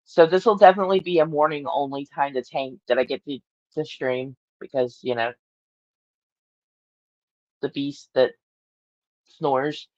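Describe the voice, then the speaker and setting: A woman's voice: low voice, fairly even intonation, a little slow, long pauses, darkish tone, no echo, dull audio. A woman hosting a casual morning livestream from her bedroom, rambling, laughing often and talking to her cat. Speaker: livestream host.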